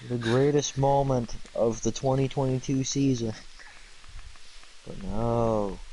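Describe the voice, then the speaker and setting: A man's voice: medium pitch, steady tone, takes it slowly, mellow. Streamer host, male, rambling casual chat with his mouth full, over a noisy mic. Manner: rambling, restarts and laughs. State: chewing fruit snacks while talking. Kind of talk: casual chat about racing.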